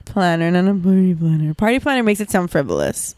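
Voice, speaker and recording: A woman's voice: fairly low pitch, animated, quick pace, darkish tone, dry recording, clean studio sound. A woman, a podcast guest and event planner, chatting casually in a frank, matter-of-fact way. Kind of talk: casual chat.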